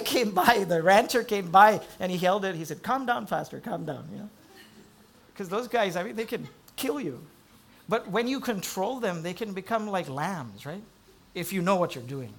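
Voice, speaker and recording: High-voiced male pastor preaching a sermon. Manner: swings from hushed, low storytelling to loud, rising emphasis.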